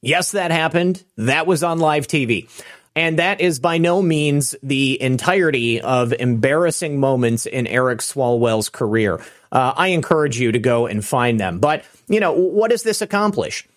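A man's voice: medium pitch, normal speed. A man hosting opinionated political commentary, sarcastic and indignant. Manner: sarcastic, indignant, chuckling asides.

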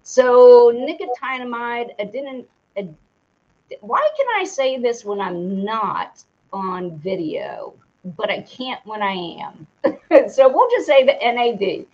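A woman co-hosts a live stream and reads a sponsor segment aloud, stumbling over difficult words and laughing at herself in casual chat. Her voice sits on the high side, animated yet slow and a little mellow. The audio is dull, lo-fi stream quality.

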